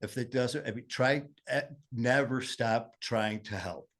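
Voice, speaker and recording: A man's voice: medium pitch, a little slow, a bit bright. A man with a Michigan accent telling his recovery story in casual conversation, earnest and meandering with many fillers.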